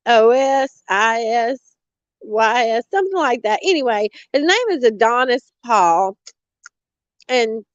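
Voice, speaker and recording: A woman's voice: on the high side, no room sound, dull audio, pitched above the performer's own voice. A woman voicing a flustered woman who rambles and stammers through a complaint call to emergency services. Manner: rambling, stammering, repeating herself.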